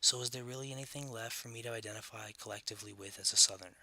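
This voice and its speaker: A man's voice: fairly low pitch, fairly even intonation, racing, vocal fry, bright, forceful tone, no echo. A man from the Southern United States narrating his own scripted documentary in an earnest, reflective way.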